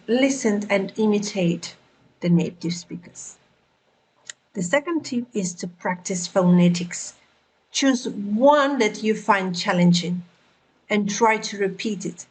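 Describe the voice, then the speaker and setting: Slow, careful woman teaching pronunciation. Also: medium pitch, slightly rough, rough recording. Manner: repeats words slowly and carefully for learners. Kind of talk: slow, deliberate pronunciation lesson.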